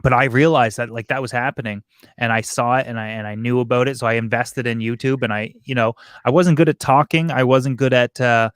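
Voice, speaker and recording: A man's voice: medium pitch, smooth. A man talks casually about his hobby channel, often circling back and restarting his sentences. His voice sits in an ordinary middle range. The sound is dry and close, with no room echo. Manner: rambling, restarts sentences, animated. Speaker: aquarium YouTuber. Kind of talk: casual chat on a live stream.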